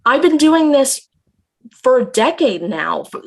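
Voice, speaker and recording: A woman's voice: high voice, big pitch swings, a little slow, vocal fry. A woman talking as a guest on a casual podcast, intense and emphatic, swearing freely.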